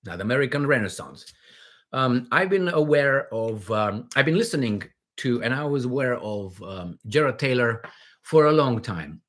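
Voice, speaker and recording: A man's voice: mid-range voice, animated, moderate pace, a bit bright. A middle-aged man hosting a casual livestream, rambling and joking as he reads viewer comments aloud, with many fillers and restarts. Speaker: livestream host.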